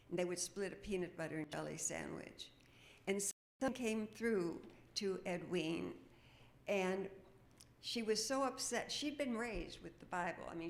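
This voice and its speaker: A woman minister delivers a sermon from the pulpit. She keeps it conversational and full of stories, breaking off into casual asides, at an ordinary middle pitch. A faint hiss sits under the recording. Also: roomy sound. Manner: chatty, storytelling, quick asides. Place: church sanctuary. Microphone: microphone with feedback.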